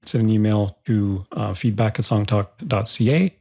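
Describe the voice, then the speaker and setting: A man's voice: on the low side, normal speed, a little mellow. A man hosting a songwriting podcast, chatting casually and rambling with many restarts. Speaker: podcast host. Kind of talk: casual interview chat.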